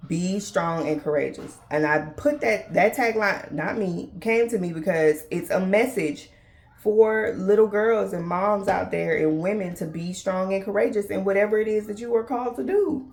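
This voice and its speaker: A woman's voice: medium pitch, moderate pace, vocal fry, a little mellow. A woman in her thirties hosting a faith-based talk, casually addressing listeners as y'all and acting out dialogue with God and others. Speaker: podcast host.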